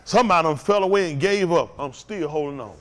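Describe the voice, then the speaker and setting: Male preacher, high voice, wildly animated pitch, folksy repetitive cadence, shouting then dropping low. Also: quick pace. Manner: swings from shouted peaks to low intense murmurs. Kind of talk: impassioned sermon with call-and-response. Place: house of worship.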